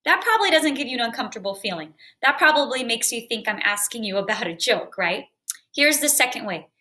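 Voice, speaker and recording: A young woman school counselor gives a lesson to students in a gentle, clear teaching voice. Her voice is bright and sits a little high, and every word comes through cleanly. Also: lively intonation, brisk.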